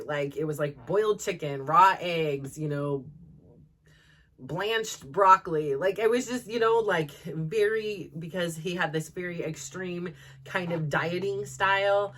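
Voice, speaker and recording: A woman's voice: mid-range voice, a bit bright. A woman in her thirties telling a casual story as a podcast host, rambling with lots of "like" and "um" and laughing often.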